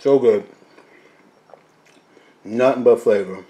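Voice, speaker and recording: A man hosting a casual cooking video, chatting to his viewers as "guys", quiet and mumbling while he cooks and louder when he turns to the camera. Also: medium pitch, slow pace. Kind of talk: casual cooking vlog chat.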